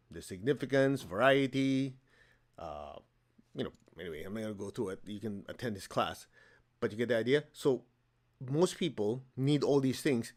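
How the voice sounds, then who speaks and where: A man giving a spiritual healing lecture as teacher, animated and often acting out little dialogues with a laugh. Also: medium pitch.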